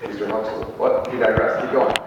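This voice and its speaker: Man co-hosting a seminar, quick talker, bantering, dull distant sound, long reverb. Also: on the low side, level tone, noisy background. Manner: fast, bantering, chimes in. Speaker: seminar co-presenter. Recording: echoey hall from far off, dull sound.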